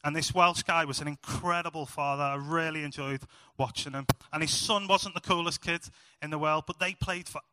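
Brief: young man, preaching, very bright tone, a bit high, dry close sound, chatty and self-mocking. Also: fairly quick, hardly any pauses, no room sound, big-room sound. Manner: chatty, self-mocking storytelling with animated asides. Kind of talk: sermon.

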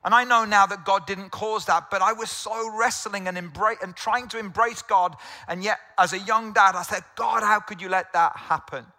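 Earnest middle-aged British-born pastor preaching. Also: male voice, high-pitched, steady tone, moderate pace, few pauses, bright, forceful tone, in a large hall. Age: 50s. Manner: earnest, repeats words when stirred. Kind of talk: sermon.

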